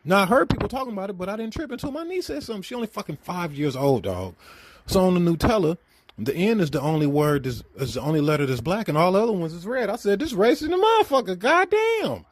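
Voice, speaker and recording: A man's voice: high voice, very animated, fast talker, dry recording. A man on a podcast telling a rambling, profane story in casual chat.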